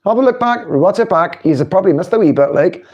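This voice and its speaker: A man's voice: sits high, expressive, a little fast, darkish tone, lo-fi sound. A middle-aged man, hosting a casual livestream, chatting and laughing while he mocks politicians. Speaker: livestream host.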